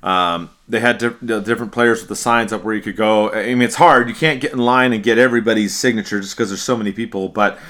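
A man hosting a casual sports podcast, speaking in a relaxed way with frequent restarts and repeated words. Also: lowish voice, fast talker, hardly any pauses. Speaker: podcast host.

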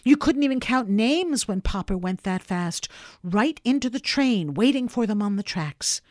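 A woman reading a story aloud with gentle, expressive narration. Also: on the high side, normal speed, no room sound, clean studio sound. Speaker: reader.

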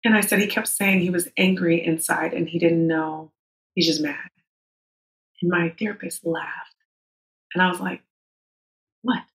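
A woman's voice: on the low side, steady tone, moderate pace, pauses often. A woman in her thirties telling a personal story as a podcast guest, candid and emotional, with frank swearing. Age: 30s. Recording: roomy echo.

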